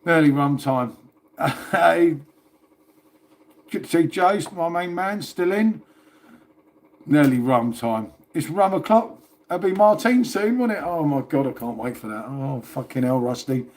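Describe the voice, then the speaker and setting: A man's voice: a little high, lively intonation, a little slow, a little mellow. A man hosting a casual livestream, chatting and rambling to viewers and swearing now and then. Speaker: livestream host.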